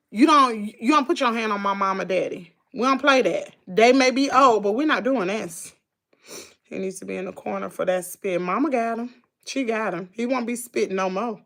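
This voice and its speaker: A middle-aged woman with a Southern US accent hosts a casual livestream and chats with her viewers in a folksy way. Her voice sits fairly high, bright and forward, with a gravelly edge. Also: moderate pace. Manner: chatty, folksy, reads out viewer comments. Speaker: livestream host.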